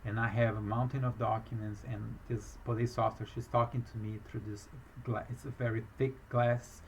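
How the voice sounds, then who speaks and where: A business owner recounting a fraud case in a rambling, halting way, with a foreign accent and many restarts. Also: male voice, medium pitch, little pitch movement, creaky, a little hiss or hum, poor audio. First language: not English, speaks with a foreign accent. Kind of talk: emotional personal account.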